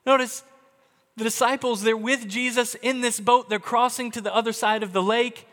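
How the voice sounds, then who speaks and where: A male pastor preaching a sermon with dramatic delivery, swinging between loud and hushed. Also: sits high, moderate pace, big-room sound.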